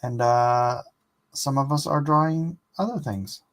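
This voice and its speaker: A man's voice: mid-range voice, a little slow. A man chatting casually and teasing his friends on a stream. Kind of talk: casual chat.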